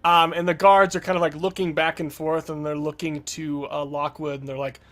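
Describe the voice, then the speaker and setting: A man's voice: a little high, level tone, normal speed, a bit bright. A man narrating as game master of a tabletop game in a loose, rambling way, with lots of fillers.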